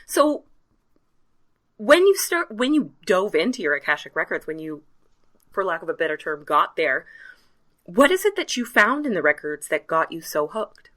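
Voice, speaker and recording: A woman's voice: on the low side, very animated, normal speed, fairly bright tone. A woman hosting a podcast interview, chatting casually, often laughing and encouraging her guest. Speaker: podcast host.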